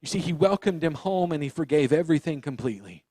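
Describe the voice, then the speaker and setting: A man preaching a youth sermon, animated and acting out the voices of the story. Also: a little high, fast, no echo. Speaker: youth pastor.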